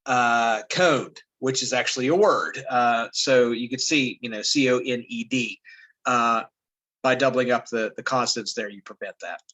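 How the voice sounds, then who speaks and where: A man casually talking through a spelling lesson, relaxed and halting, with many fillers and restarts. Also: medium pitch, rough recording. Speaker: teacher going through a lesson video. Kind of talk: casual spoken commentary.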